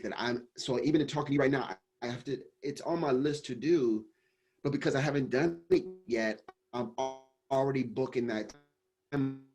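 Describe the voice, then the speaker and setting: A business coach talks casually in an interview, rambling and restarting his sentences. He is a man with an ordinary middle pitch. His talk is relaxed and loose. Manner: rambling, many restarts and fillers. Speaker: business coach and company founder.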